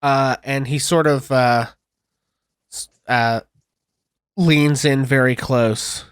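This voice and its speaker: A man running a tabletop game as game master, narrating in a loose, halting way with fillers. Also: mid-range voice, fairly even intonation, clear, resonant tone, no room sound, clean studio sound.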